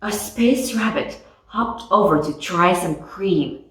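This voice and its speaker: Lady reading a kids book out loud, super slow, sounds far from the mic. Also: lowish voice. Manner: slow, expressive storytelling. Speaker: storybook reader. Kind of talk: reading a picture book aloud. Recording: echoey room, voice off mic.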